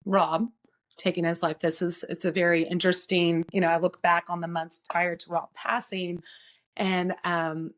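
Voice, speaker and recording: Earnest, lower-voiced woman podcast guest. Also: flat delivery. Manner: earnest, reflective, pauses with frequent "um". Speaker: guest, insurance agency owner. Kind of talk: casual podcast conversation.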